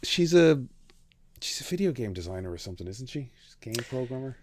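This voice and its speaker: A man's voice: medium pitch, sing-song, brisk, crowd noise. A man hosting a casual podcast chat, rambling and swearing freely. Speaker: podcast host.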